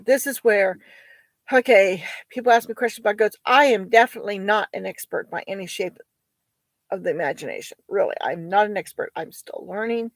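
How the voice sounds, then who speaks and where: Tired woman with a gravelly voice. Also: medium pitch, no room sound, poor audio. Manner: rambling and hesitant, full of fillers and restarts. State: tired, sighing. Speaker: homesteader raising goats. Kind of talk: casual vlog chat.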